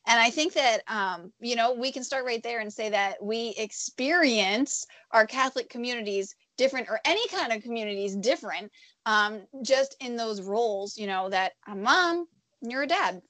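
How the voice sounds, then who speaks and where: A woman co-hosting a podcast in casual chat, easygoing and quick to laugh. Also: a little high, fairly bright tone, no echo. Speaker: podcast co-host.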